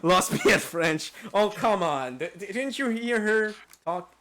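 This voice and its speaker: Profane, animated man joking through a game recap. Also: high-pitched, a little slow, a little hiss or hum. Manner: crude, profane and playful, laughs often. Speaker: host. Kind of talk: comedic lecture recapping a video game.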